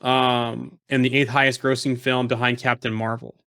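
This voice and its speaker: A man's voice: mid-range voice, flat delivery, normal speed, pushed and bright, no echo, studio quality. A man co-hosting a casual podcast chat, rambling with lots of fillers and restarts. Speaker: podcast co-host.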